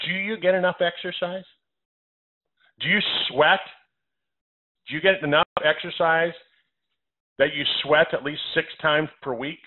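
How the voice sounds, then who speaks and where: A man with a fairly high voice talks to listeners on a conference call, working through numbered health points. He hammers his phrases with repetition. The sound is thin and narrow, like a phone line. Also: fairly even intonation, a little slow, long pauses. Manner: emphatic, repeats phrases, lists numbered points. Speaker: doctor hosting a health call.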